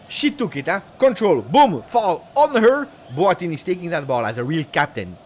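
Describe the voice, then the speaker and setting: A man commenting live on a football match, switching between muttered play-by-play and shouting at big moments. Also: on the high side, moderate pace, few pauses. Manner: excitable, shouts at big moments, drops Italian words. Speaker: football fan streamer.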